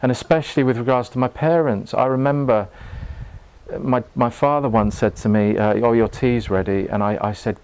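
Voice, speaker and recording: A man, giving a live talk to a group in a room, earnest and halting, often restarting his words and laughing. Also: medium pitch, darkish tone, clear, resonant tone. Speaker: meditation teacher. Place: room with an audience.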